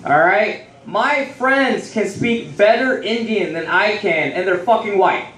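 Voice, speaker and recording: A man's voice: sits high, a little slow, a bit bright. A young man doing a loose, profane stand-up set on a comedy club stage, rambling through his stories. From Texas. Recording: roomy sound from a distant mic.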